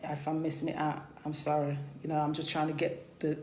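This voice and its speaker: A woman's voice: deep voice, completely flat delivery, fairly quick, darkish tone, slight background noise. Passionate woman in an echoey room. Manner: passionate, conversational, emphatic with rhetorical questions. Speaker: spiritual teacher and priest. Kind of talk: informal spiritual talk.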